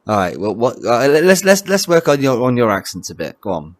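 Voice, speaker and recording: A man's voice: medium pitch, sing-song, a little fast, no room sound. A Welsh-born man co-hosting a casual podcast chat, laughing often and restarting his sentences. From Wales. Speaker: podcast co-host.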